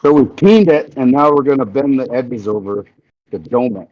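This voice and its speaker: A man's voice: medium pitch, moderate pace, darkish tone. Laid-back man chatting while smithing. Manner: joking, laid-back, talks while hammering metal. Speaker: bladesmith streamer. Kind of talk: casual livestream chat while working. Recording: dull lo-fi stream audio.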